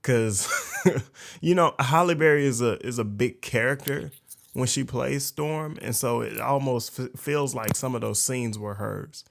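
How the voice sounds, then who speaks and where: Slow, gravelly laid-back male co-host. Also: mid-range voice. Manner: laid-back, laughing, agreeable backchannels. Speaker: podcast co-host. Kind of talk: casual chat.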